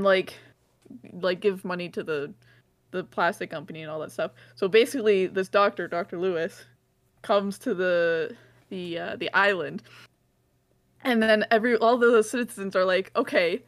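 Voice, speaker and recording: A woman's voice: medium pitch, a bit bright. A young woman co-hosting a podcast, telling a made-up plot in a rambling, giggly way with lots of fillers. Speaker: podcast co-host. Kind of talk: casual chat.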